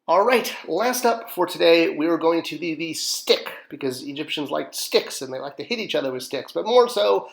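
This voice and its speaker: Playful man teaching drawing, bit high. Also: gravelly. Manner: playful, self-mocking asides while sketching step by step. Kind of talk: jokey online drawing lesson.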